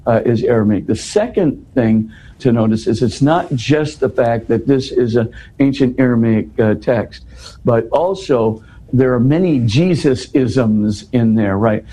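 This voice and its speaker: A man explains a scripture passage in a way that's scholarly yet casual, often restarting and saying "you know." His voice is mid-range and mellow, he takes his time, and the recording is rough.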